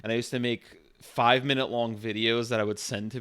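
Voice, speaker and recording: A man's voice: mid-range voice, steady tone, fairly quick, few pauses, a bit bright, smooth. Rambling casual male streamer. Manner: rambling, swearing, frequent restarts.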